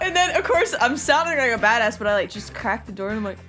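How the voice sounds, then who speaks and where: A young adult woman hosting a podcast, telling a story in casual chat, animated, laughing and swearing as she acts out quotes. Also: on the high side, fast, few pauses, music in the background. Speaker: podcast host.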